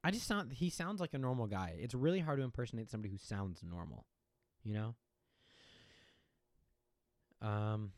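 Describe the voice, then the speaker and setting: Chatty podcast host, lively dry voice. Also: medium pitch, moderate pace, pauses often, no room sound. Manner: chatty, hedging with "like", breaks into laughter. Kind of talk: casual chat.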